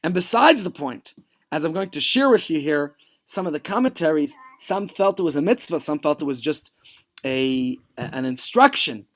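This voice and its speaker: A man's voice: fairly high pitch, expressive, moderate pace. A man teaching a Torah study lesson at home, telling stories vividly with many restarts and asides.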